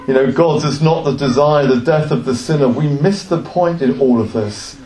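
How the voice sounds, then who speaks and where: A man's voice: a little high, normal speed, warm tone, slight background noise. Earnest male preacher in an echoey room. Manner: earnest, with rhetorical questions. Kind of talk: sermon.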